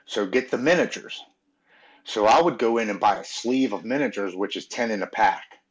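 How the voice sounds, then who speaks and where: A man from Maryland, a podcast guest, telling his own recovery story in an earnest, halting, emotional way. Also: on the low side. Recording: dull, muffled audio.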